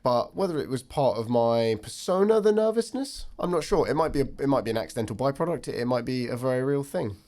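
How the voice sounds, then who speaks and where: A young man in his twenties co-hosting a chat podcast, talking politely and thoughtfully with many pauses and fillers. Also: mid-range voice, expressive, dark tone. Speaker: podcast co-host, stand-up comedian. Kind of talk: casual chat.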